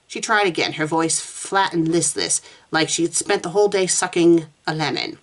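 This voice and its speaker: A woman's voice: lowish voice, moderate pace, hardly any pauses. A woman reviewing fanfiction, reading a story aloud with dry, sarcastic asides and putting on a haughty posh voice for the wife.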